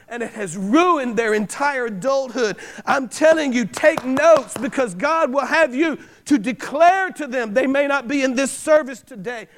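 A middle-aged man preaching a sermon, repeating key lines and driving points home with loud bursts. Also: very high-pitched. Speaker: pastor.

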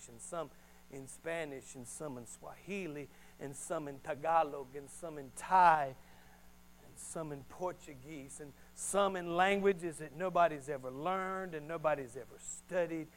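A middle-aged man preaching a sermon as a pastor, swinging between hushed and loud delivery. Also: on the high side, unhurried, rough recording.

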